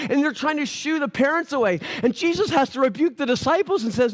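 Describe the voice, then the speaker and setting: A man preaching a sermon as pastor, telling the story in a casual, animated way with playful voices for the characters. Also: very high-pitched, fairly quick, hardly any pauses. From Canada.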